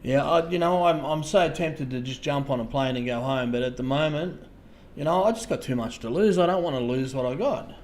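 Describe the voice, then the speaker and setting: Hosting a laid-back livestream, this Australian man has a medium-pitched voice and talks to his viewers in a halting way, often repeating words and softly trailing off.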